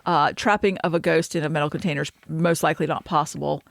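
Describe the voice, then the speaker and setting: A woman's voice: deep voice, fairly even intonation, fast, vocal fry, no room sound. A woman co-hosting a podcast, chatting casually with fillers and frequent laughs. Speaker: podcast co-host.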